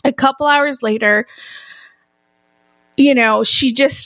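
A woman's voice: sits high, slow pace, long pauses, fairly bright tone, no room sound, studio quality. Swearing, laughing woman telling a story. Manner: swears freely, laughs often, acts out quoted voices. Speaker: podcast co-host. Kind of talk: casual storytelling chat.

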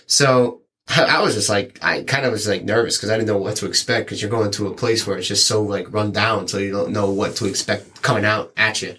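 Chatty man telling delivery stories. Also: on the low side. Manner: rambling, animated, acts out quoted lines. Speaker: delivery driver sharing stories. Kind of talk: casual storytelling chat.

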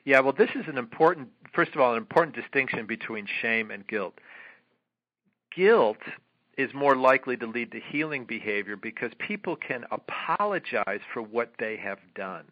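A male guest author explains his ideas at length in an interview. His voice sits at an ordinary pitch, and he stumbles through fillers and restarts as he thinks. The audio is dull and lo-fi. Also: expressive, normal speed. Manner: hesitant, many fillers and restarts.

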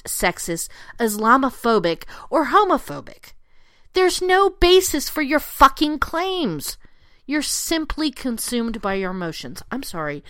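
An angry woman rants with biting sarcasm and plenty of swearing. Her fairly high voice swoops up and down as she hammers each point home. The sound is dry and close, with no room echo. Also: fairly bright tone. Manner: angry, sarcastic, profane, punchy. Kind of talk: profane political rant to camera.

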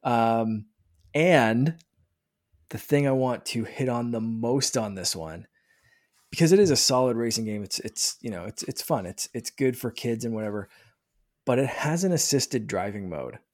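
A man in his thirties chatting casually as a podcast host, talking with excitement and often restarting his sentences. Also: medium pitch, normal speed. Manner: rambling, excited, many restarts. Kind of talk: casual chat.

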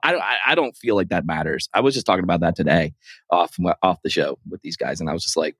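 A man's voice: sits low, expressive, rapid-fire, fairly bright tone, no echo. A man co-hosting a podcast, chatting casually, swearing a lot, teasing and laughing. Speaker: podcast co-host.

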